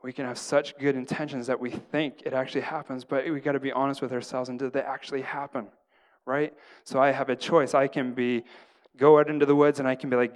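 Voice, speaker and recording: Here the same kind of speaker, a middle-aged man preaching informally, talks fairly quickly at a medium pitch. As a pastor, he brings stories of his prayers to life by acting them out, frequently tacking "right?" onto his sentences.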